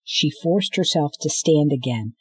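Man, audiobook narration, steady storytelling, husky voice, slightly high pitch. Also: unhurried, dry recording, poor audio. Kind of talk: scripted narration.

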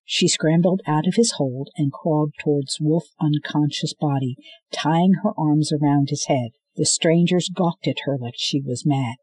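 A man reads a novel aloud at a steady storytelling pace, shifting into characters' voices for the dialogue. His voice is husky and sits a little high. The sound is dry and close. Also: a little slow, no room sound, rough recording. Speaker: audiobook narrator. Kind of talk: scripted narration.

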